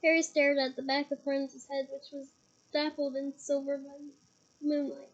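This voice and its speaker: A young woman with a head cold reading a novel aloud, telling the story with steady, dramatic emphasis. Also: high voice, normal speed, dull audio. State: head cold, occasional coughing. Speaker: reader.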